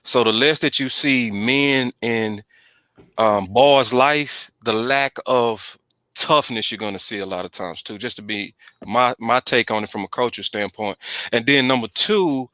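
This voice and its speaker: A man's voice: medium pitch, measured pace, sharp tone, no echo. A man hosting a casual sports podcast chat, talking emphatically and repeating his points for stress. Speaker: podcast host.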